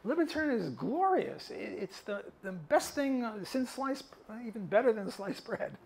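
Animated older male economist speaker. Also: high-pitched, moderate pace, gravelly, a little hiss or hum. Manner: emphatic, animated, chuckling asides. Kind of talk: answering audience questions at a talk. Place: event venue before a live audience.

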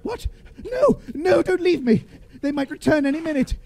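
Trapped young woman, urgent and pleading, wide-ranging high voice. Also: sing-song, moderate pace, warm tone.

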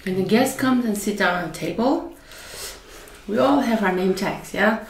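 A woman's voice: mid-range voice, normal speed, a little hiss or hum. Laughing woman telling stories in an echoey room. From Northeast India. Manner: laughing, animated storytelling. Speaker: food vlogger. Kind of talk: casual storytelling over a meal. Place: home, eating a meal. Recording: echoey room, faint clatter of dishes.

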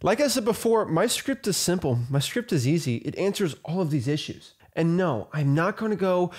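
A man with a somewhat high voice teaches real estate wholesaling straight to camera. His delivery is blunt and emphatic, and he hammers the same points home in casual, slangy speech. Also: expressive, normal speed, hardly any pauses, darkish tone, breathy edge. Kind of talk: direct-to-camera teaching monologue.

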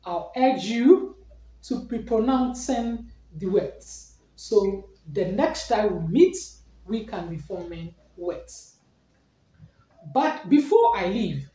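Slow, patient woman teaching letters. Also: mid-range voice, mellow. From Ghana. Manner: patient, drills each letter and says good. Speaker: language teacher. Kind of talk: slow alphabet lesson with repetition drills. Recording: echoey room, distant mic, faint noise.

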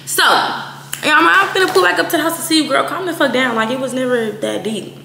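A woman in her twenties, from Texas, telling a story in a blunt, profane, animated way, quoting people as she goes. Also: high-pitched, fairly quick, creaky. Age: 20s. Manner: blunt, profane, animated retelling with quoted voices. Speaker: vlogger. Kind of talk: casual storytime. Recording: echoey room, faint noise.

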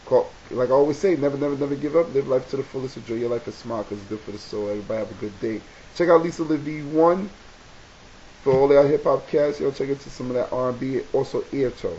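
New york guy vlogging advice, preachy and animated, repeats himself a lot, muffled lo-fi sound. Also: mid-range voice, fast. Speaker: video blogger. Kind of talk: casual advice monologue to camera. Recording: dull lo-fi webcam audio with faint hiss.

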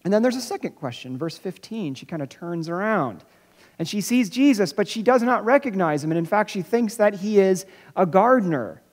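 In a church sanctuary, a pastor delivers an Easter sermon, his voice hanging in a long, ringing hall reverb. His ordinary mid-range pitch is expressive, and his searching, unpolished delivery restarts phrases and doubles words before slowing key lines for weight.

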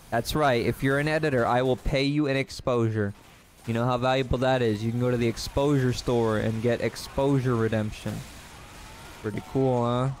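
A man's voice: medium pitch, fairly even intonation, normal speed, slight background noise. A young man in a rambling, self-deprecating confessional vlog, swearing often while he plays a game at his desk. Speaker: gaming vlogger.

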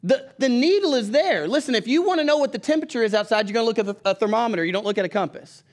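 A middle-aged man with a Southern country accent preaches in a fairly high voice. His delivery is folksy and conversational, with frequent calls for the congregation to follow along in their Bibles. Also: lively intonation, rapid-fire. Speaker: pastor. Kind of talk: sermon.

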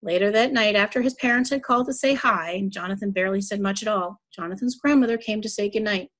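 A woman reading a children's story aloud at a church service, telling it evenly and clearly. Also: medium pitch, fast, a bit bright.

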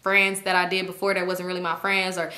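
A woman's voice: on the low side, fairly quick. A young adult woman casually telling a work drama story, acting out quotes in a raised voice. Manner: animated, acts out quotes in raised voice. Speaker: storytime vlogger.

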